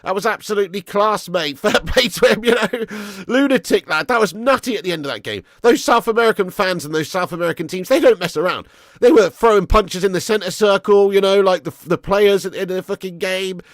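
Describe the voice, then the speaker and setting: A young man chats excitedly on a live stream, pitched a little high. His voice is close and dry, with no room sound. He bounces between banter with viewers and quick asides. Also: dry recording. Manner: excitable banter, swearing, laughing with chat. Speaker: livestream host. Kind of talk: casual live chat.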